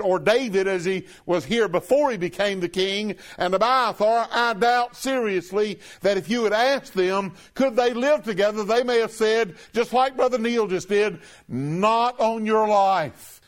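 A man preaching a sermon to a congregation, calling them brethren and drawing out quoted scripture slowly. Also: high voice.

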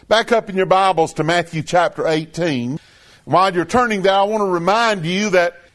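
A man preaching a sermon, earnest and emphatic, who repeats phrases for stress. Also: high-pitched.

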